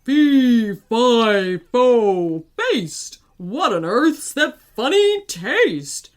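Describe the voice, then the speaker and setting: A booming storybook giant, voiced by a woman who talks slowly and loudly. Her voice sits a bit high and swoops widely through rhyming chants, with a gruff but friendly manner. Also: sing-song, heavily acted. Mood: booming rhyme. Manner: booming, slow sing-song rhymes. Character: huge bearded male giant, booming and gruff. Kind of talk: storybook voice acting.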